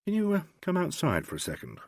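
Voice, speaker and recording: A man voicing an urbane English chief inspector, light and teasing in a gentlemanly way, in an audiobook. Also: a little high, wildly swooping pitch, fast talker, no echo, studio quality, pitched above the performer's own voice, full character voice. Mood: wry.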